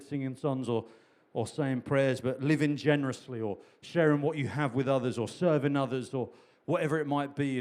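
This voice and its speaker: A man preaching a sermon in a chatty, humorous way, repeating key phrases for emphasis. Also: medium pitch. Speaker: pastor.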